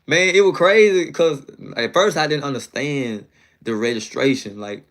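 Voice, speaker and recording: His voice is a little high and a bit bright, and he moves at a moderate pace. He rambles casually through a long story from his own life, heavy on slang, regularly checking in with his listener and repeating "you know what I'm saying."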